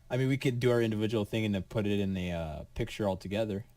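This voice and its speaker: A man's voice: on the low side, fast talker, a little mellow, no echo. A man co-hosting a casual podcast, laughing often and chiming in with short replies. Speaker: podcast co-host. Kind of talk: casual chat. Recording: dry, somewhat distant mic.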